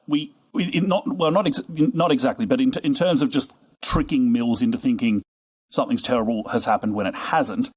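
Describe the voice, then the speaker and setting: A man's voice: mid-range voice, brisk, breathy edge. A man, a guest on a movie podcast, joking in a sarcastic tone. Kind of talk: casual podcast chat.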